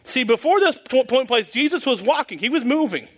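A man's voice: very high voice, lively intonation, a little fast, a bit bright. A man giving an informal sermon in a folksy, rambling way, chuckling at his own jokes. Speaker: preacher.

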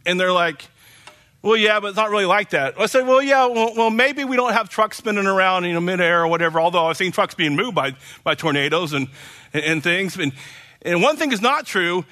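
A man's voice: high voice, expressive, a little fast, bright, forceful tone. A man from Oklahoma preaching a casual sermon, rambling and chatty with many fillers and restarts.

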